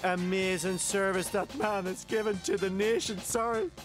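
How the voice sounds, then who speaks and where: A man's voice: high-pitched, steady tone, moderate pace. A male TV host doing a flustered, tearful promo and apologising between lines. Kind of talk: promo to camera. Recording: music under voice.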